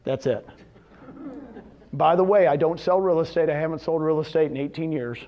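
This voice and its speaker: A man presenting at a seminar in front of a live audience, his voice sitting a little high for a man. He talks in an animated way, firing questions at the audience and answering them himself. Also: normal speed, highs cut off. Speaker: presenter at a real estate seminar. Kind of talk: motivational seminar talk.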